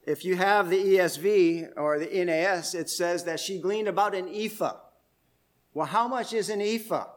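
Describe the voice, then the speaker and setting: A man's voice: high-pitched, moderate pace. A male pastor preaching an expository sermon, explaining step by step in a conversational way and putting questions to his listeners.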